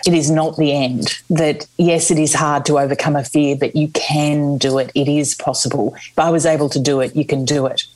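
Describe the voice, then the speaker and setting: A middle-aged woman, a memoir author, telling her story candidly in an interview, slowing down for emphasis. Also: low-pitched, rough recording. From Australia. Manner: candid, expressive, slows for emphasis.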